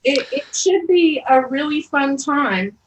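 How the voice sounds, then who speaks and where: A woman from Texas, guesting on a podcast, answers in a plain, matter-of-fact way with a high voice. Her sound carries a roomy echo. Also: expressive, takes it slowly, a little hiss or hum. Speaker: guest, process server. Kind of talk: casual interview chat.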